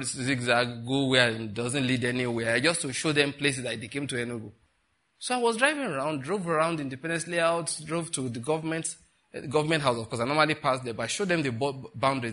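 A middle-aged Nigerian man preaching a sermon, telling stories with animated, laughing retellings. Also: mid-range voice, a little fast. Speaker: pastor. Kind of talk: sermon with storytelling.

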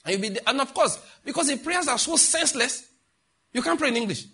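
A middle-aged man from Africa preaching a sermon as a pastor, emphatic and mocking, with sudden loud outbursts. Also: very high-pitched, expressive, brisk, vocal fry, slightly rough.

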